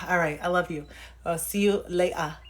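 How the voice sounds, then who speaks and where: A young woman livestreaming, ranting casually and profanely to her viewers in an animated way. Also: fairly low pitch, normal speed.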